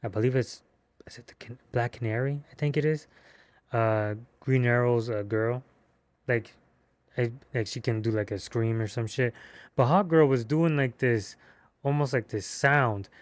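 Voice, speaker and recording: A man giving a casual movie review, excitable and slangy, with cursing and rambling restarts. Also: medium pitch, normal speed, no room sound.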